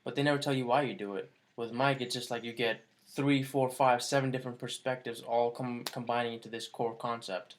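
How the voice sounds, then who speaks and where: A young man giving a casual testimonial about a course, relaxed and hesitant with many fillers. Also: mid-range voice, fairly quick, few pauses. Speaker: course student.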